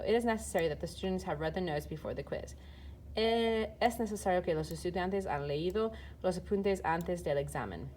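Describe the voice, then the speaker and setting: Woman, low voice, casual teacher explaining verb forms, light keyboard typing, faint hiss. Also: a little fast, a little mellow. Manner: casual, explains step by step with fillers. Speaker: Spanish teacher. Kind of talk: recorded lesson walkthrough.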